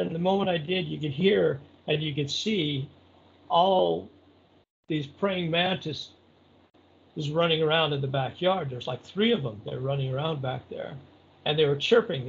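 A middle-aged man recounting a story in a loose, rambling way, with lots of "you know" and "uh". His voice is gravelly and husky, a little higher than most men's. The audio is dull and lo-fi. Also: normal speed, a bit bright. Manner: rambling, conversational, many fillers. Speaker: interview guest. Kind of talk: casual storytelling.

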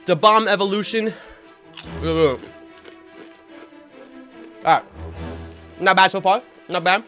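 A man giving excitable, slangy commentary on a gaming challenge, often yelping and laughing. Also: high voice, slow, soft background music. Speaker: gaming YouTuber.

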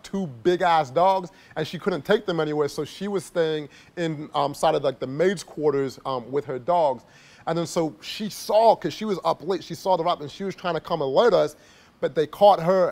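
A man's voice: on the high side, vocal fry. A man casually telling a personal story to camera as a travel vlogger, rambling and filling his talk with "like". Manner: rambling, heavy use of "like", laughs while telling.

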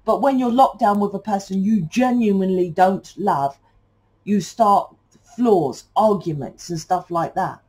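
A woman's voice: mid-range voice, a little slow, darkish tone, breathy edge, rough recording. A British woman giving a casual spoken tarot reading, rambling and chatty and swearing now and then. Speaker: tarot reader.

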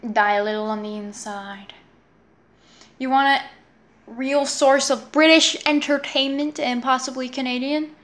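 A young woman reacting to a children's show, swearing and exasperated, with sarcastic commentary. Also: fairly high pitch. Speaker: reaction video host.

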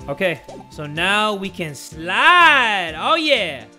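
A man's voice: high-pitched, very animated, takes it slowly, few pauses, bright, forceful tone. Brief: casual joking gamer guy, voice wearing out, music underneath. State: losing his voice. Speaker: gaming video host. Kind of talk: let's play commentary.

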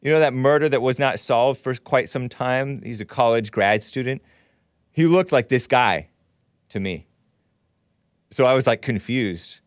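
A man hosting a loose, rambling livestream show, chuckling often as he reads chat and talks to callers. His voice sits at an ordinary middle pitch. It is recorded close and dry, with no room sound. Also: measured pace, long pauses, no room sound. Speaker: host. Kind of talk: casual livestream commentary.

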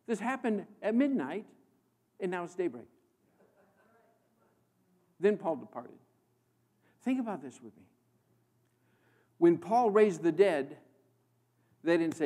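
A man from the American Midwest preaching a sermon as a guest preacher, swinging between loud proclamation and hushed emphasis. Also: high voice, expressive, slow pace, long pauses. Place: church.

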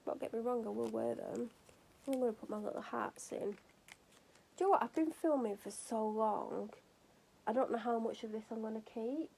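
Chatty British woman with a gravelly voice. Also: fairly high pitch, dark tone. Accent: British English. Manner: rambling, chatty and hyper. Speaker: vlogger. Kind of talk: chatty home vlog. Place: home kitchen.

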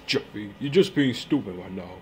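A man's voice: on the low side, lively intonation, measured pace, darkish tone, a little hiss or hum, voice pushed down. A man playing an exasperated dad. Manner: exasperated, scolding, flustered. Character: exasperated grown father, easily flustered. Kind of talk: puppet parody skit.

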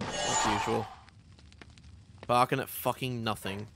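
A man's voice: mid-range voice, expressive, moderate pace, noisy background. A young man streaming a game at home, chatting casually, swearing a lot and laughing often as he rambles through stories.

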